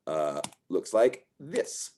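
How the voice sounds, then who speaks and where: A man's voice: low voice, sing-song, very slow, dark tone. A man narrating a tabletop game as game master, hesitating and restarting often. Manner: hesitant, many fillers and restarts.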